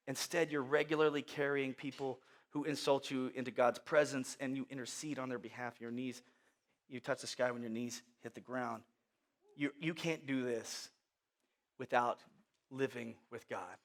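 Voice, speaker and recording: A man preaching a sermon as pastor, moving from hushed, quiet lines to loud, animated storytelling. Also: medium pitch.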